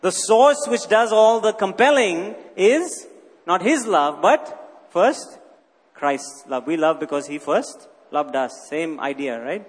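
A man with a high voice preaches in a large hall, and his words ring out with a long echo. He teaches emphatically, asking rhetorical questions and repeating his key points. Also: lively intonation, takes it slowly. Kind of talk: sermon.

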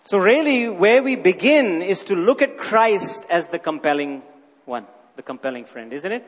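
A man's voice: sits high, lively intonation, moderate pace. A man preaching a sermon, teaching with emphatic rhetorical questions and repeating his key phrases. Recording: long reverb of a large hall.

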